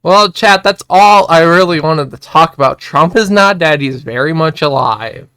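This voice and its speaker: Young male streamer, slightly high, smooth voice, excitable rant, dry close mic. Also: normal speed, no echo. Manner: excitable, repetitive, swears and shouts when worked up. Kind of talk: casual political rant to chat.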